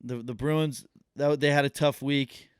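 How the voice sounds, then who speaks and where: Smooth-voiced young man, laid-back. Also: fairly high pitch, steady tone, unhurried, no room sound, studio quality. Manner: laid-back, hedging with lots of fillers. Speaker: podcast co-host. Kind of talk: casual chat.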